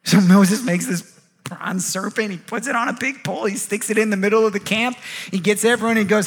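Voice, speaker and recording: A man preaching a sermon, telling a story with acted-out dialogue and rising to shouts at the high points. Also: a little fast, breathy edge. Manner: animated storytelling, acting out dialogue, shouting at peaks.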